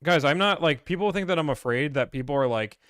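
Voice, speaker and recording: A man hosting a casual Q&A stream, blunt and ranting, acting out salesmen in quick put-on voices. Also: fairly high pitch, lively intonation, a bit bright, no room sound, clean studio sound. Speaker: host answering viewer questions. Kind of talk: casual livestream Q&A.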